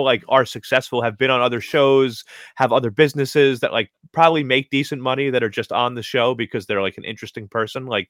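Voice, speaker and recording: A man's voice: mid-range voice, fairly bright tone, no echo. Man, podcast co-host, rambling and eager, dry close recording. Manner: rambling, filler-heavy enthusiasm. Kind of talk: casual recap chat.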